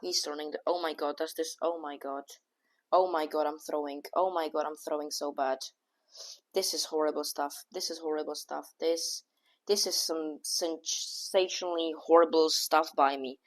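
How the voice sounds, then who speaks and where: A woman giving casual, excitable running commentary on her own chess game, thinking aloud move by move and often scolding herself. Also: sits low, moderate pace. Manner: casual slang, says "bro" and "oh my god". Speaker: chess streamer.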